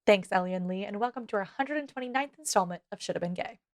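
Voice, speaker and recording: A woman's voice: medium pitch, animated, fast, no room sound, studio quality. A woman co-hosting a podcast, chatting casually and laughing often between words. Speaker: podcast co-host.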